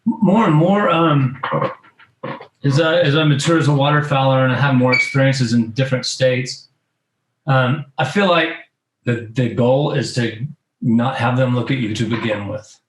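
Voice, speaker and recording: A man's voice: medium pitch, moderate pace, background noise. Rambling man with an echoey sound. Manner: rambling storytelling with many ums. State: losing his voice. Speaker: podcast co-host. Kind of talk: casual chat. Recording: roomy echo.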